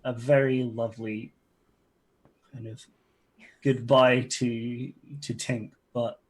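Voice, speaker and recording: A man narrating as game master of a tabletop game, halting, with frequent ums and restarts. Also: mid-range voice, level tone.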